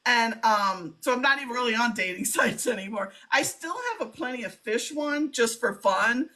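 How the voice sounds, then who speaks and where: A woman's voice: on the high side, normal speed, pushed and bright. A woman hosting a casual live-stream chat, rambling and chatty with frequent laughs. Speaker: livestream host.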